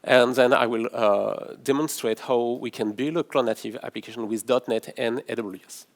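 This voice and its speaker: French-accented man, middle-aged, mid-pitched, halting conference presenter who often restarts his phrases. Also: steady tone, gravelly. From France. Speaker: conference speaker, developer advocate. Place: in-person conference session room.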